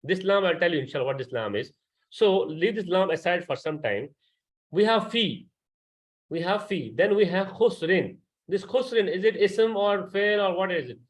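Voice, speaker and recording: A man's voice: high voice, normal speed. Patient male teacher. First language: Urdu. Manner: patient, questioning students as he explains. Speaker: Quran teacher. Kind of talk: explaining grammar in a class.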